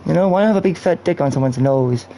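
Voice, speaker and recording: A man's voice: on the high side, fast, dark tone, a little hiss or hum, low-quality recording. A man live-streaming a video game, talking in a rambling, profane, off-topic way into a cheap microphone. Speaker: gaming streamer. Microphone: cheap streaming mic.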